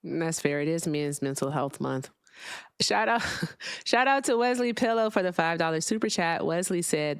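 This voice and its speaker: A woman's voice: mid-range voice, animated, normal speed, no echo, studio quality. A woman hosting a live call-in debate show, blunt and sarcastic, now and then swearing. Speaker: host.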